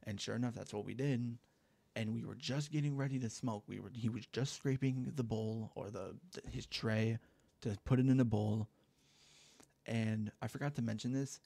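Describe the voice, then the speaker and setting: A man's voice: mid-range voice, fairly even intonation, moderate pace, gravelly, mellow, no room sound. A young man casually telling a story time, rambling and profane, with lots of filler words, on a headset mic at home. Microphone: gaming headset mic.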